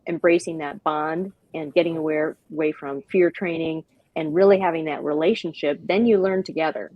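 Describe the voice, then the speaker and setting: A woman speaking as a guest on a video-call show, talking with animated enthusiasm and acting out little quoted voices. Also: low-pitched, normal speed, no room sound, dull audio. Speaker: guest, dog park expert.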